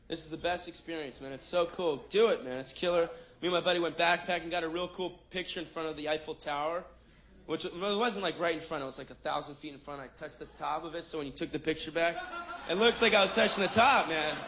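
A man's voice: fairly high pitch, quick pace, sharp tone. A man doing a stand-up comedy routine in goofy, drawling surfer-dude slang.

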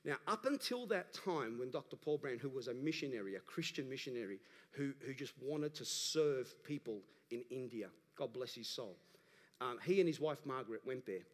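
A man, a pastor delivering an animated sermon that rises to emphatic calls to the congregation. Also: mid-range voice, moderate pace. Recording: preached in a large reverberant church hall.

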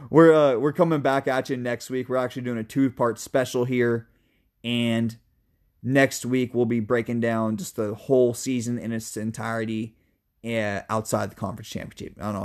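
A man's voice: mid-range voice, fairly even intonation, moderate pace. Emphatic young man breaking down football. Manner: emphatic, opinionated, casual with mild swearing. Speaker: sports podcast co-host. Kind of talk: college football analysis podcast.

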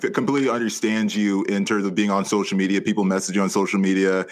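A man hosting a casual interview, relaxed and agreeable, stumbling over his words as he asks questions. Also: on the low side, fast talker. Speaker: interview host.

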